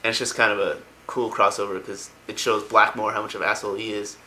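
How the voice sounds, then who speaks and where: A young man talks through a story in a loose, rambling way, full of enthusiasm and slangy asides. His voice sits a bit low but comes across bright and forceful. A faint hiss of noise sits behind him. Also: little pitch movement, fast, poor audio. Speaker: lore explainer. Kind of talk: casual spoken retelling.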